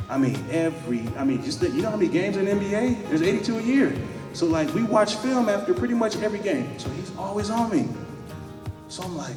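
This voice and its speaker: A man's voice: medium pitch, brisk, music in the background. Man telling a story in an echoey hall. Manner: animated, acts out quoted dialogue, repeats phrases. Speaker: guest speaker, former pro basketball player. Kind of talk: storytelling talk to an audience. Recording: echoey hall, speaker far from mic.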